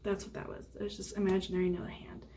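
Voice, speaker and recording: A young woman vlogging casually to the camera, talking softly in a half-whisper. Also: medium pitch, flat delivery, rapid-fire, slight background noise. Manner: soft, half-whispered, hushed delivery. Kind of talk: casual vlog talk to camera.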